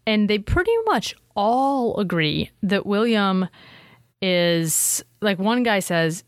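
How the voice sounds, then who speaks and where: Animated woman podcast co-host. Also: mid-range voice, no room sound, studio quality. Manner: animated, quotes sources aloud, fast asides. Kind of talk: casual conversational history chat.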